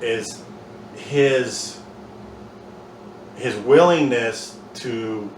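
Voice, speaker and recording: A man's voice: mid-range voice, very slow. A man in a casual faith discussion, earnestly retelling a Bible story with many restarts. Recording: echoey room, distant mic, faint noise.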